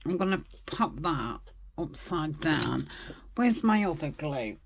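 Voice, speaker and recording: Low, slow-talking woman crafting. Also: big pitch swings, creaky, noisy background. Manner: rambling, chatty, murmurs asides to herself. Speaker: craft channel host. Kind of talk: casual crafting chat. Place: home crafting desk.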